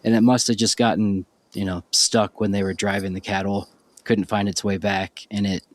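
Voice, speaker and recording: A man's voice: fairly low pitch, level tone, normal speed, no echo. A man hosting a podcast, telling a story in an offhand, loose way with casual swearing. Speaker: podcast host. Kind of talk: casual chat.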